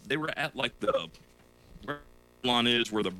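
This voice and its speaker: A middle-aged man in casual chat, telling a story in an animated way and often saying "listen" and "you know". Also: mid-range voice, moderate pace.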